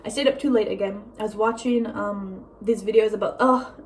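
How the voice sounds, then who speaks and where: A young woman vlogging at home in a casual, rambling chat, full of "like" and "um" and quick laughs. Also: mid-range voice, fairly even intonation, a little hiss or hum. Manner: rambling, lots of "like" and "um", laughs often; breezy, drifts between loud and soft. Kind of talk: casual chatty vlog monologue.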